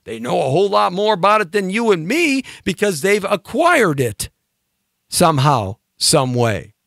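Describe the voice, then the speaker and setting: A man's voice: sits high, very animated, a little slow, gravelly, fairly bright tone, no room sound, studio quality. A man hosting a live talk show, delivering an emphatic opinion monologue full of repeated rhetorical questions. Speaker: show host.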